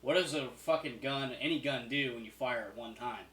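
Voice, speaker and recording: A man's voice: mid-range voice, normal speed, a bit bright. A man co-hosting a casual podcast chat, explaining things plainly and swearing freely. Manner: explanatory, profane. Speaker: podcast co-host. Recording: roomy echo.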